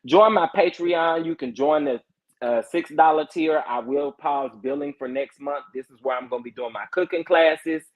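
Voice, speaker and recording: With a voice on the high side, a man hosts a casual livestream, reading viewer comments and chatting animatedly. Laughter comes often, along with repeated phrases and drawn-out exclamations, and the recording has a tinny, phone-like quality.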